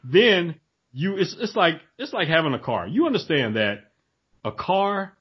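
A man talking in an animated casual chat, acting out voices in his stories. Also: on the high side, a little slow, breathy edge. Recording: dull lo-fi recording.

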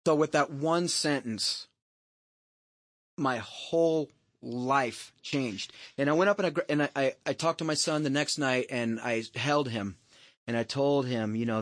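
A man's voice: mid-range voice, unhurried, a bit bright, no echo. A middle-aged man telling a personal story on a podcast, candid and rambling, swearing freely and restarting his sentences. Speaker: podcast host. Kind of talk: casual storytelling chat.

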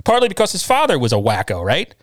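Ranty guy cohosting a chat show, kinda high voice, keeps calling out to listeners. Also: wildly swooping pitch, fast, dry recording. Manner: emphatic, ranting, talks straight at listeners. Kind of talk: casual chat.

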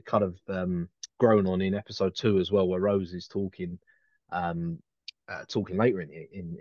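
Bloke with a lowish voice rambling on a podcast, dry muffled sound. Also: male voice, dark tone, dry recording. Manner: rambling, many restarts and fillers. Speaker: podcast co-host. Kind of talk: casual chat.

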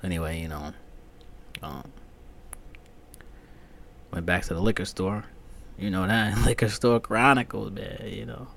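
A man hosting a casual comedic podcast monologue, rambling profanely with frequent fillers and sudden loud outbursts. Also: on the low side, fairly even intonation, measured pace, gravelly, long pauses, a little hiss or hum. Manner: frequent fillers like um and you know. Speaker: podcast host.

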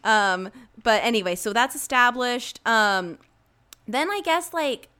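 A young woman with a fairly high voice talks through a movie plot in loose, excited chat. She keeps slipping into quoted voices of the characters, and her delivery stays lively and animated throughout. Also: a little slow, smooth. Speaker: podcast co-host. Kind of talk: casual chat recapping a movie.

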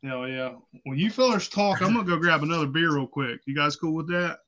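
A man's voice: on the high side, brisk, pushed and bright. A young man telling a rambling, profane story in a casual podcast chat, laughing as he goes. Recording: muffled lo-fi sound.

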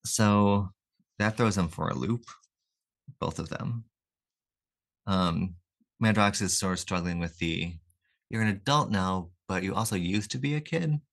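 A man co-hosting a podcast, casually recapping comic issues and slipping into quick quoted lines with chuckles. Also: deep voice, creaky, a bit bright. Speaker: podcast co-host.

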